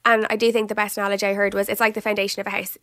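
Woman, skincare expert, brisk and teasing, dry close mic. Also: mid-range voice, little pitch movement, a bit bright, no echo. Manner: teasing, explanatory, asks leading questions. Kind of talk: casual podcast chat.

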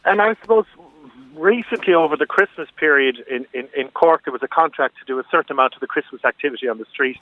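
Irish councillor on the phone, measured, a bit high, dry tinny line. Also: male voice, no echo. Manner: explanatory, measured. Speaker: local councillor. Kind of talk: phone-in radio interview.

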